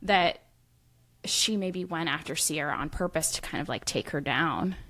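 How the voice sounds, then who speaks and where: A woman's voice: sits low, normal speed, fairly bright tone, a little hiss or hum. A woman guesting on a podcast, chatting casually and giving strong, emphatic opinions. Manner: emphatic, opinionated, self-described petty. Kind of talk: casual chat.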